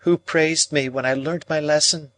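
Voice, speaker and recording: A man reading an audiobook voices a cold, proud young woman with a measured, coolly reasoning delivery. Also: a little high, fairly even intonation, a bit bright, no echo, voice pushed up, lightly acted.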